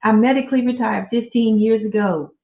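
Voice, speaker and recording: A middle-aged woman hosting a podcast, talking slowly and from the heart, with frequent religious exclamations. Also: fairly high pitch, steady tone, vocal fry. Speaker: podcast host. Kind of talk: casual faith-based personal talk. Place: at home. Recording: echoey room, phone-like audio.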